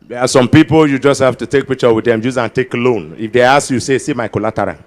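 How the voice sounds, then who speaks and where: A man with a Nigerian accent doing stand-up comedy at a ceremony, bantering with the crowd and slipping into pidgin with sudden loud outbursts. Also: mid-range voice, fairly even intonation, fast talker. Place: large ceremony before an audience.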